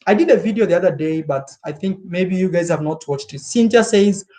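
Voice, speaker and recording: Animated Kenyan man chatting with viewers. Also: high voice, a little fast. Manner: animated, repetitive, laughs often. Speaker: travel vlogger. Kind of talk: casual live chat with viewers.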